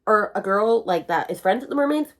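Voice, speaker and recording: This woman has a medium-pitched voice and a brisk delivery as she rants casually about books in her reading vlog. She gets animated and performs character quotes in different voices.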